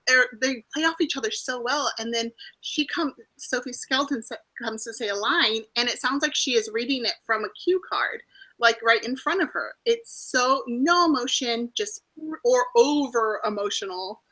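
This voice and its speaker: A woman's voice: fairly high pitch, normal speed, pushed and bright, rough recording. A woman co-hosting a casual online hangout over a video call, sounding exasperated and laughing often. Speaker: co-host.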